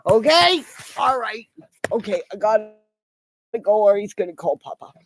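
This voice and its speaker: A woman's voice: mid-range voice, very animated, moderate pace, slight background noise. An older woman signing off a livestream from home on her computer, rambling and joking crudely. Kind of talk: casual livestream sign-off chat. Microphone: computer mic.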